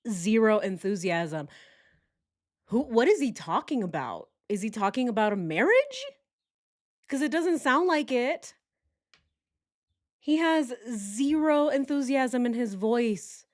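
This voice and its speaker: A woman's voice: high-pitched, lively intonation, measured pace. A woman hosting true crime commentary, talking sarcastically and speaking straight to her viewers. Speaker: host.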